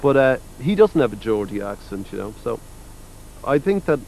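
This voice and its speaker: A man's voice: medium pitch, very animated, normal speed, a little mellow, slight background noise, low-quality recording. A man in his forties from Ireland with an Irish accent, a musician talking in a casual interview, rambling and blunt and swearing freely. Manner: rambling, blunt and profane, full of "you know" fillers.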